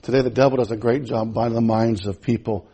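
A man preaching a sermon in a church, impassioned and repetitive, swinging from loud to hushed. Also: mid-range voice, steady tone, fast talker, breathy edge. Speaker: pastor.

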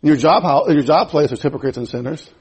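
A man preaching a sermon in a church, impassioned and repetitive, swinging from loud to hushed. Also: on the high side, fast talker, slightly rough. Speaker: pastor.

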